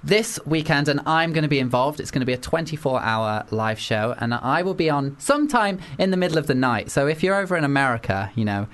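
A man hosting a casual radio chat show, chatty and quick to laugh. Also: a little high, expressive, fairly bright tone. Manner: chatty, giggly, jumps in often. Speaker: radio host.

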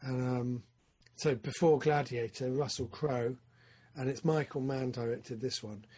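Excitable husky man. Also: measured pace. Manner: excitable, swings from loud enthusiasm to low mumbling asides. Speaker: podcast co-host. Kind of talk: casual film chat.

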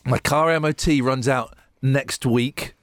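A man's voice: mid-range voice, fairly even intonation, measured pace, no echo, clean studio sound. A man hosting a radio show, bantering, laughing often and reading out odd news stories. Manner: jokey, laughs often, does silly voices.

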